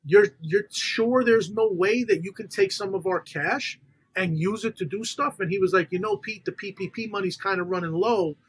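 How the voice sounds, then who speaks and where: A man's voice: high voice, moderate pace, breathy edge, poor audio. A man, a podcast guest and funder, telling business stories in casual conversation and acting out the people he quotes. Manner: animated storyteller quoting others in dialogue. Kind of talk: casual storytelling interview.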